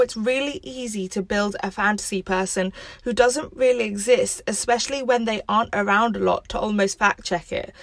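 A woman's voice: medium pitch, no room sound. A woman hosting a show, giving relationship advice in a direct, analytical and firm way. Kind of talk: explanatory advice commentary.

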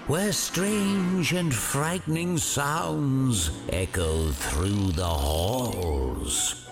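A man from the UK giving a spooky, drawn-out intro narration for a podcast. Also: medium pitch, expressive. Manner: slow, drawn-out, theatrical delivery. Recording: narration over loud music.

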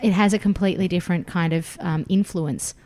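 A woman's voice: lowish voice, steady tone, a little fast, warm tone. An Australian woman in her thirties, a food author chatting enthusiastically as a podcast guest, with plenty of fillers. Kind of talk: casual podcast interview.

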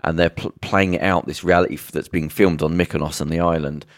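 Brief: low, gravelly male co-host, casual, halting storyteller, dry close sound. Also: fairly even intonation, dry recording. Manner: rambling, halting retelling with many fillers and restarts. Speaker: podcast co-host. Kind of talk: casual chat.

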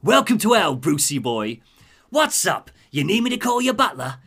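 A man's voice: high voice, big pitch swings, normal speed, vocal fry, a bit bright, slightly rough, heavily acted. A man voicing a sneering Cockney-accented crime boss who taunts mockingly. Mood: taunting.

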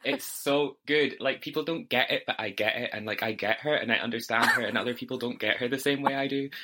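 A young man co-hosting a podcast, chatting in a gushing, animated way and laughing high. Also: fast talker, very noisy. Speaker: podcast co-host. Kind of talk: casual chat.

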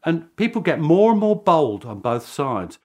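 Animated British historian, lively voice. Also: male voice, a little high, measured pace. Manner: animated storytelling with chuckling asides. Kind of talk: documentary interview.

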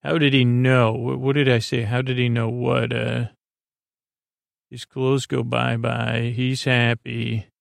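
A man's voice: mid-range voice, level tone, slow pace, vocal fry, no room sound, clean studio sound. A man hosting a podcast, recapping a TV episode in a meandering way, full of fillers and self-corrections. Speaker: podcast host. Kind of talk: rambling episode recap for sleep.

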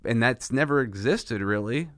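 A man hosting a casual podcast conversation, talking in an animated way with frequent restarts and the odd laugh. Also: mid-range voice, normal speed, no room sound, studio quality. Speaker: podcast host.

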